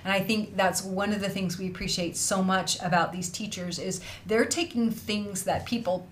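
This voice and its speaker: A woman's voice: mid-range voice, fairly even intonation, normal speed, a little hiss or hum. A woman, hosting a casual craft livestream, bubbly and effusive, reading out viewers' messages. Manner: bubbly, effusive, laughs often. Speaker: host of an online felting school livestream.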